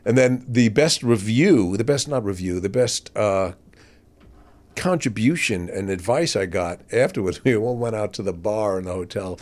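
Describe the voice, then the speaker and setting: A man's voice: lowish voice, normal speed. A man, a guest comedian, telling a story in casual chat and acting out the voices he quotes. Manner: animated, acts out quoted voices.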